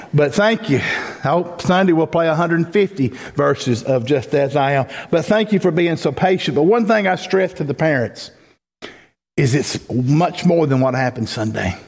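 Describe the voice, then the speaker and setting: Folksy preacher in a reverberant church. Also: male voice, fairly high pitch. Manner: folksy, rises to emphatic preaching peaks. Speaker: pastor. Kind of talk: sermon. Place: church sanctuary. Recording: long hall reverb.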